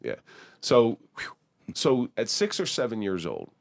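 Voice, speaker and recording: A man's voice: mid-range voice, wildly swooping pitch, measured pace, gravelly, no echo. A man hosting a podcast interview, curious and rambling, often restarting his sentences. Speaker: podcast host. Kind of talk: casual interview.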